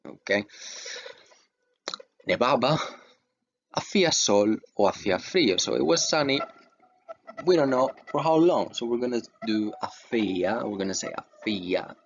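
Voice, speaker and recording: A man teaching grammar over slides, explaining patiently and checking in with "okay" as he goes. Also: on the low side. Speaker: Spanish teacher. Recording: dull lo-fi voice recording with faint noise.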